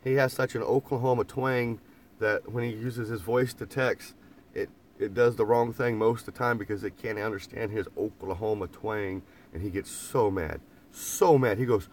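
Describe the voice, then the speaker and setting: A man's voice: fairly low pitch, fairly even intonation, moderate pace, a little mellow. A man in a casual, rambling live chat from inside a camper van, laughing often and repeating phrases. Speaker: vlogger reading live chat.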